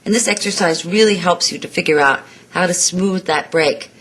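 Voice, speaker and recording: A woman's voice: fairly low pitch, normal speed, a bit bright. A woman vocal coach giving a singing lesson, explaining exercises and demonstrating them. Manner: demonstrative, sings exercise syllables between explanations.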